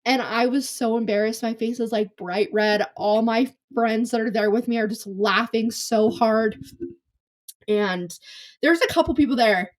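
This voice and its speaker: A young woman hosts her own podcast, telling stories in a loose, rambling way and laughing at herself. Her voice sits a little high, and her talk is full of fillers and restarts. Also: unhurried. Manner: rambling, filler-heavy, self-deprecating. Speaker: podcast host. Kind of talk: casual storytelling monologue.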